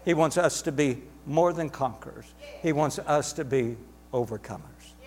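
A man's voice: medium pitch, normal speed, darkish tone, in a large hall. A man preaching a sermon to a congregation, emphatic and repetitive, drawing words out for stress. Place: church sanctuary.

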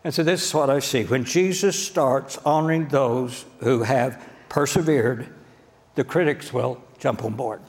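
A pastor speaks a little slowly in a medium-pitched voice while preaching in a church sanctuary. He keeps his sermon folksy and direct, checking in with the congregation often, and the hall carries a long reverb.

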